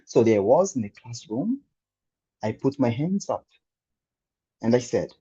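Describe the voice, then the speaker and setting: A man in his thirties from Angola, giving a prepared humorous speech as an animated storyteller with dramatic pauses. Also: mid-range voice, breathy edge, dull audio. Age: 30s. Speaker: club speaker.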